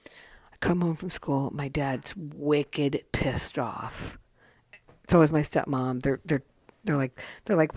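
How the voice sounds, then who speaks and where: Brief: woman, 50s, deep voice, casual podcast memoir, frank and foul-mouthed, dry close recording. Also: fairly even intonation, slow pace, darkish tone, husky, no echo. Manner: candid, profane and chatty. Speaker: podcast host.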